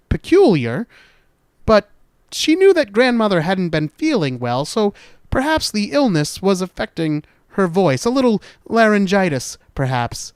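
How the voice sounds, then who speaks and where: A man narrates a horror tale slowly and dramatically, and sometimes drops into hushed, dark turns. His voice sits high and ranges widely. The recording is close and dry. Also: big pitch swings, smooth, no room sound. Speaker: storyteller, podcast host.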